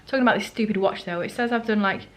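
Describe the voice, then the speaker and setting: A woman's voice: mid-range voice, very fast, a bit bright, low-quality recording. Chatty self-mocking woman vlogger. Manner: chatty and self-mocking, acting out what people said. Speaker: travel vlogger. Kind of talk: casual storytelling to camera. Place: holiday rental flat.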